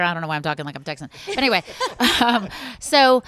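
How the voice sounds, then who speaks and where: A woman guest on a podcast, telling animated, rambling stories with frequent restarts in a casual conversational way. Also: deep voice, quick pace, hardly any pauses, no room sound.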